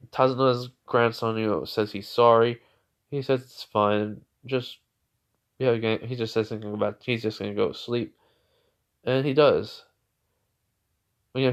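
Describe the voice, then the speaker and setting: A man narrating an improvised fan story in a rambling way, full of fillers and restarts. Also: mid-range voice. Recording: dull lo-fi recording.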